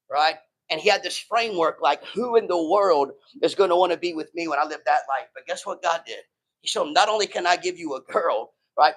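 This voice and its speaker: A man's voice: fairly high pitch, fairly bright tone, poor audio. A middle-aged man giving a sermon to a live audience in a casual, street-talking way, often saying "man". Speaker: preacher.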